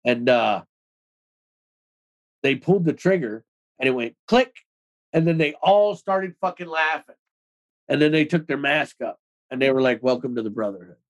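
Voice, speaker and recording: A man talks as a guest on a podcast, recounting his past in a casual, rambling way. His speech runs quick and loose, padded with "like" and salted with swearing. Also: on the high side, animated, poor audio. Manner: rapid, loose talk full of "like" and swearing. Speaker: interview guest, former extremist. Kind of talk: casual storytelling in a podcast interview.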